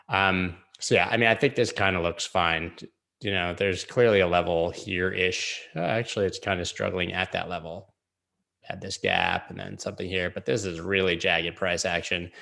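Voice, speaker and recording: Give me a deep, gravelly man hosting live chart analysis, casual and rambling. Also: moderate pace, a bit bright. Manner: rambling, jokey asides. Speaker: crypto chart analyst host.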